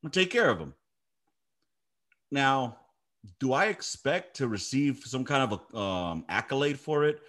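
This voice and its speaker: A man's voice: mid-range voice, very animated, moderate pace, pauses often, fairly bright tone. Profane, emphatic army veteran man. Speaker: podcast host, army veteran. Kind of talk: casual chat.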